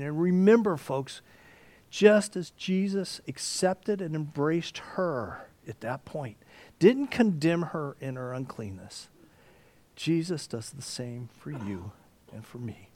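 Preacher guy going soft whisper to big loud, lively high voice. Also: no room sound. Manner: dramatic, swings from whispers to near shouts. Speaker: pastor. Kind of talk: sermon.

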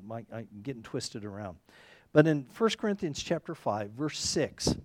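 A man's voice: mid-range voice, very animated, moderate pace, no echo. A man preaching a conversational sermon, rambling and correcting himself, often checking in with "okay?". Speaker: pastor.

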